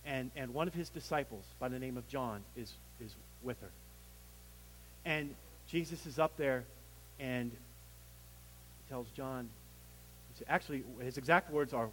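A man preaching a sermon as pastor, swelling to emphatic peaks and dropping low, with some restarts. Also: lively intonation, unhurried, pauses often, fairly bright tone, big-room sound, slight background noise, low-quality recording.

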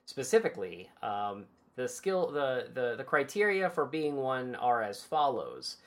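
A woman's voice: rumbling low, big pitch swings, unhurried. A woman hosting a podcast and recapping a book chapter in casual, irreverent chat, swearing and laughing easily.

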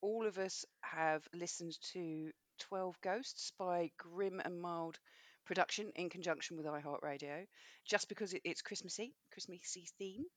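A woman's voice: on the low side, measured pace, no echo. Sweary woman podcast co-host. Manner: sweary, laughing, rambling. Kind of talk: casual chat.

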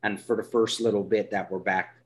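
A man's voice: on the low side, level tone, a little hiss or hum. Chatty Newfoundland-accented man hosting. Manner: chatty, rambling, quick to laugh. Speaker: podcast host. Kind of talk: casual podcast chat.

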